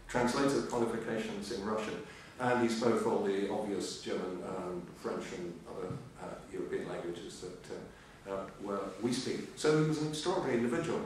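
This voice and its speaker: Older guy lecturing, lowish voice, lots of ums, big echoey hall, far from the mic. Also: slight background noise. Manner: hesitant, many ums and uhs, dry humour. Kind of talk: academic history lecture.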